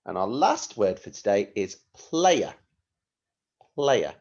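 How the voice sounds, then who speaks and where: A male primary teacher leads a recorded phonics lesson at a slow, patient pace, his fairly low voice swinging up and down in a lively sing-song. The sound is a little dull and lo-fi. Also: breathy edge. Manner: patient, sing-song, spells words letter by letter.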